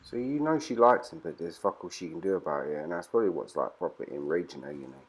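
A man's voice: deep voice, fast talker. A man from Britain hosting a let's play, swearing and trash-talking his enemies as he plays. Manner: profane, rowdy trash talk. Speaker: gaming channel host.

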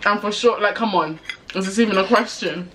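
A woman's voice: medium pitch, brisk, noisy background. A young woman in casual chat during a food challenge, boastful, teasing and often laughing. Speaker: challenge participant.

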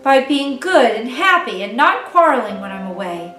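A woman voicing a gentle, worried mother in a read-aloud storybook, soft and tender. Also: fairly high pitch, very animated, normal speed. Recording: echoey room, distant mic, faint music.

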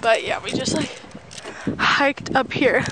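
Young woman, travel vlogger, casual and candid, slightly out of breath, high-ish voice, noisy outdoor camera audio. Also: takes it slowly. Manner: chatty, frank, laughs often, lots of "like". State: out of breath after a hike. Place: outdoors in a national park.

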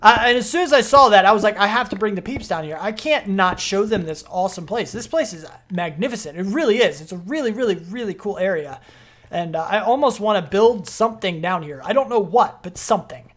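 Excitable rambling gameplay streamer. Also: medium pitch, fairly quick. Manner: rambling, excitable, frequent fillers. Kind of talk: casual gameplay commentary.

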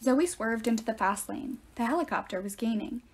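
A woman reading a novel aloud in steady first-person storytelling. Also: on the high side, a little fast, breathy edge. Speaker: reader.

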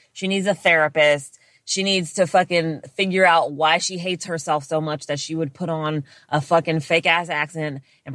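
Woman, from the US, podcast co-host, blunt, swears a lot, lowish voice, dry sound. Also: a bit bright, no room sound. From United States. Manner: blunt, heavy swearing, rants. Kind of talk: casual chat.

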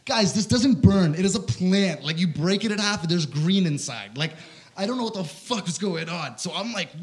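A man in his twenties telling a stand-up story, rambling and profane, with lots of filler words. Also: on the high side. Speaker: comedian.

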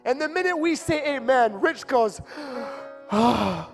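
A man with a strikingly high voice preaches in a church. He tells a personal story with raw emotion and builds to passionate pleading. Faint music plays under his words. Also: animated, slow pace, long reverb tail. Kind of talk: sermon storytelling.

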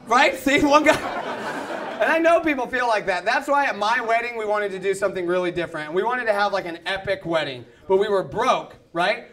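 A young man doing a stand-up comedy set, telling self-mocking stories and shouting out punchlines. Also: sits high. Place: comedy club with a live audience. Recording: live club recording with crowd. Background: audience laughter.

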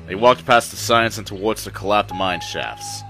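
A man narrating a storybook tale in an even, measured reading voice. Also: lowish voice. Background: music.

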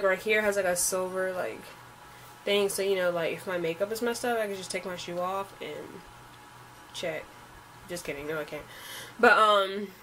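A woman's voice: medium pitch, fairly bright tone, a little hiss or hum. A young American woman rambling through a shopping haul in a casual vlog, with lots of "like" fillers. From United States. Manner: rambling, says "like" a lot. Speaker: haul vlogger.

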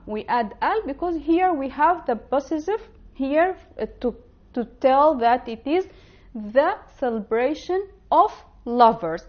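A woman teaching an online language lesson, spelling out words slowly and carefully. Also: sits high, animated, a little mellow, lo-fi sound. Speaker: Arabic teacher.

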